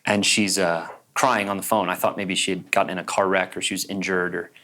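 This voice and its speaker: A man's voice: sits low, little pitch movement, fairly quick, pushed and bright. A male pastor telling a story in a sermon to a church gathering, conversational and full of "like" fillers.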